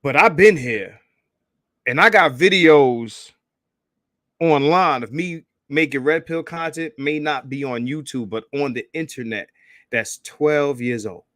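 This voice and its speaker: A man hosting a casual livestream, hyped and profane, calling out shout-outs to viewers and begging for likes. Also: fairly high pitch, a little slow, no room sound, studio quality. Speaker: livestream host.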